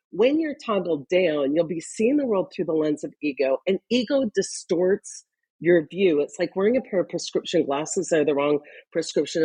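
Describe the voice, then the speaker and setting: Husky low-voiced woman telling stories. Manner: animated storytelling, talks in examples. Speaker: guest, leadership consultant. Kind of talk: podcast interview conversation.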